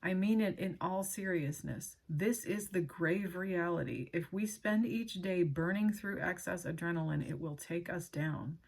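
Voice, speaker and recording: A woman hosting her channel, reading a book aloud with casual personal asides. She is earnest and emotional and pauses often to apologize. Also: lowish voice, gravelly, darkish tone, husky.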